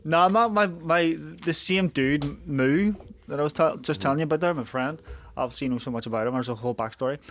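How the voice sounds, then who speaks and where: A man co-hosting a casual podcast, rambling through anecdotes with swearing and quick laughs. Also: a little high, fairly bright tone, a little hiss or hum. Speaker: podcast co-host. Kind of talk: casual chat.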